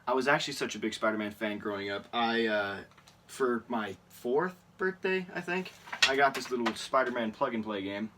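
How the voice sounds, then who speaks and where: A man's voice: mid-range voice, moderate pace, pushed and bright, recorded from a distance, slight background noise. Rambling teenage boy, a little off-mic. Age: teens. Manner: rambling, many fillers, laughs at himself. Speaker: YouTuber. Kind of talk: casual Q&A vlog.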